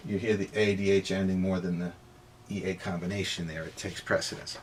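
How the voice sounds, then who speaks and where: A man teaching pronunciation, repeating sounds slowly and emphatically for students to drill. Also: deep voice, flat delivery, a little hiss or hum. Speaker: Irish language tutor. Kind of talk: pronunciation lesson.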